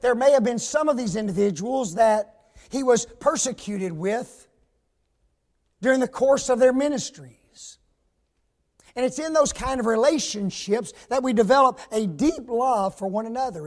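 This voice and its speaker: A man preaching a sermon in a high voice, taking his time over every phrase. He punches key words, then falls to a hush and asks his listeners questions. The delivery is emphatic and pulpit-style. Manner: emphatic, swings from loud stress to hushed asides; asks the congregation rhetorical questions.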